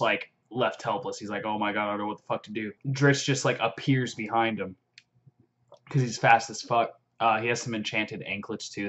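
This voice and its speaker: A young man excitedly recapping a fantasy novel in a rambling vlog, full of fillers and swearing. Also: fairly low pitch. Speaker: vlogger. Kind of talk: casual book recap. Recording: dull lo-fi audio.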